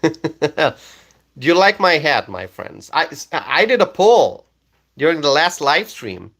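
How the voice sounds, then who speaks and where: Male livestream host from Bangladesh, slow-paced and very expressive, reads comments aloud. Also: on the high side, gravelly. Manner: animated, repeats questions, laughs often. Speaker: livestream host reading chat. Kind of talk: live stream chat reading.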